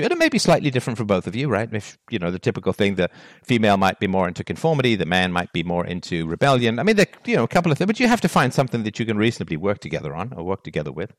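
A man delivers a solo philosophy monologue, firing off one rhetorical question after another. His voice rises and falls across a wide, lively range. The sound is close and dry, with no room around it. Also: mid-range voice, no echo. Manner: rhetorical questions, emphatic and animated. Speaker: philosophy talk host.

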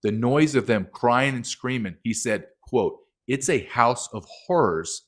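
A man's voice: mid-range voice, lively intonation, measured pace. A middle-aged man speaking as a documentary filmmaker guest in a heated interview, emphatic and impassioned, acting out quotes.

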